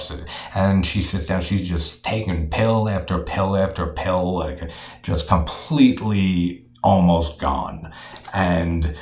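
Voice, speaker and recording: Brief: low-voiced male host, loose profane film-recap talk, echoey room. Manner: rambling, profane, with frequent fillers and laughs. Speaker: horror film discussion host. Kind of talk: casual film recap and commentary.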